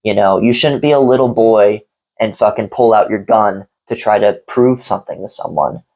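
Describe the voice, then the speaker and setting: A male coffee vlogger recounting a story in a casual, rambling way. His voice is gravelly, and his delivery is blunt and profane. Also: lowish voice, normal speed, a little mellow, poor audio.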